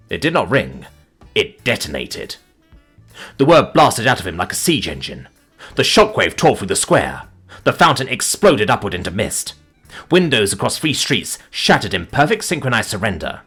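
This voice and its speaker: A man narrating a comic fantasy story with wry, deadpan asides. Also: low-pitched, husky.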